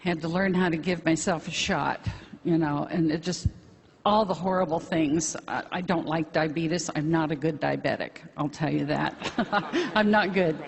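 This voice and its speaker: A woman's voice: low-pitched, normal speed, vocal fry. A middle-aged woman giving a chatty, rambling, self-deprecating testimony to a convention audience. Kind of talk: casual spoken testimony to an audience. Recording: hall reverb, faint crowd and noise.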